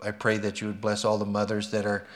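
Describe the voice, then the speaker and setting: Lively male pastor at a service. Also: fairly low pitch, quick pace. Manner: lively storytelling, earnest in prayer. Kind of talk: sermon with a read story and prayer.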